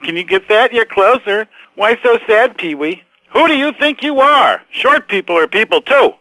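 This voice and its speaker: A man's voice: high-pitched, expressive, normal speed, pushed and bright, dry recording, low-quality recording. A bitter, touchy short guy caller. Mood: mocking. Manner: resentful, sarcastic.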